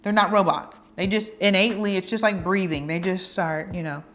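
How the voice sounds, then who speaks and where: A woman's voice: mid-range voice, steady tone, brisk, a bit bright. Playful chatty woman giving dating advice. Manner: chatty and playful, acting out little flirty quotes. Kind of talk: casual advice talk to camera.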